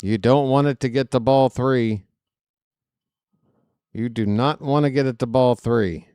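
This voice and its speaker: A man doing fan play-by-play commentary of a baseball game, excitable and prone to rambling asides between pitches. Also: unhurried, clean tone, no echo, clean studio sound. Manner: excitable, shouts on big plays, rambling asides.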